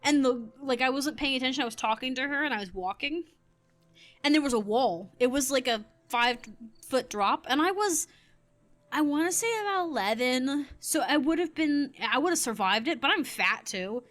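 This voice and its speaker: Streamer woman in her thirties, slightly high-pitched, rambling, laughs a lot. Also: lively intonation, normal speed, fairly bright tone, faint music behind. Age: 30s. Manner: rambling, self-correcting, laughs often. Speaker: gaming streamer. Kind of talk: casual storytelling while gaming.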